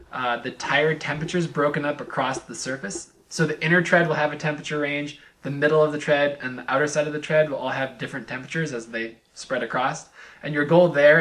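A young man hosting a casual podcast chat, upbeat and quick to laugh, reading listener mail aloud. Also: fairly high pitch, pushed and bright. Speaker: podcast host.

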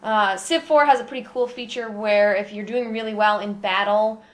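A woman's voice: medium pitch, fairly even intonation, moderate pace, low-quality recording. A young woman co-hosting a podcast, telling rambling stories in casual chat. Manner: chatty, rambling storyteller. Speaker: podcast co-host.

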